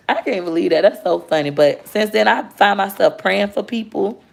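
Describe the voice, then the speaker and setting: With lively intonation and vocal fry, a woman in her thirties chats sincerely with her livestream audience at a normal speed, reading their comments out loud in a casual, heartfelt way. Her pitch sits in the middle range.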